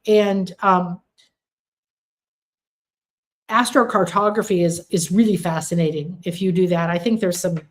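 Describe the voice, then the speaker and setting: A woman with a somewhat low voice hosts a live stream of spiritual readings. She talks to her viewers in an earnest, emphatic way and repeats words to stress them. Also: fairly even intonation, a little slow, pauses often. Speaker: intuitive reader hosting a live stream.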